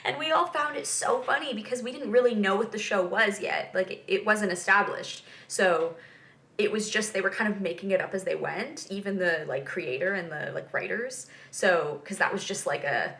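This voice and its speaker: Bright, chatty young woman vlogger. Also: mid-range voice, normal speed. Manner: chatty and giggly, lots of fillers and asides. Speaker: vlog host reacting to a TV episode. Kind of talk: casual reaction chat.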